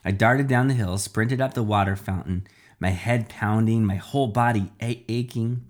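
A man narrating a playful, animated first-person adventure story. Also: lowish voice, moderate pace.

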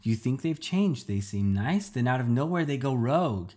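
A man's voice: medium pitch, lively intonation, normal speed, warm tone, pitched above the performer's own voice, lightly acted. A man reading a storybook aloud, voicing a secretive young girl genius who argues insistently. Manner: pressing, argumentative.

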